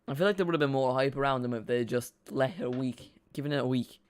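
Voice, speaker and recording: A man's voice: mid-range voice, quick pace, clear, resonant tone. A man streaming a live watch-along, chatting casually in a rambling way, repeating himself and reacting to the play.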